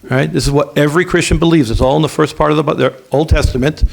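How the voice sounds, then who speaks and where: A man, a rabbi, talking to yeshiva students in a lively, conversational way, acting out bits of dialogue and checking in with his listeners. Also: a little high, very fast, creaky. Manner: lively, acts out dialogue in different voices. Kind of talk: animated talk to a student audience.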